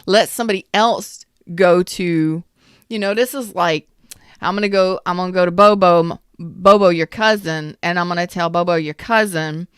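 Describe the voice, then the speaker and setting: Woman tarot reader, live casual reading, lowish smooth voice, blunt and chatty; close, dry mic. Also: no echo. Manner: chatty and blunt, greets live viewers, acts out little scenes.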